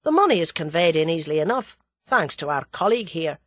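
A woman's voice: low-pitched, sing-song, fast, no echo. A woman reading aloud, voicing a demanding Irish rebel man with an Irish accent. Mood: insistent.

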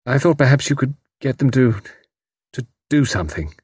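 A man reading aloud, voicing an intense, grieving young woman who speaks quietly and earnestly. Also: mid-range voice, moderate pace, slightly rough, no room sound, clean studio sound, voice pushed up. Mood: pleading. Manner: quiet, flat, then pleading.

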